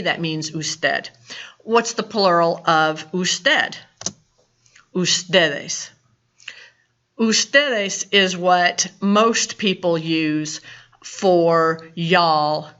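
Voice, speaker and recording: Slow-talking Southern woman teaching Spanish. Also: fairly low pitch, bright, forceful tone, dull audio. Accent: Southern American. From American South. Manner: patient, explains step by step with reminders. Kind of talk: recorded lecture.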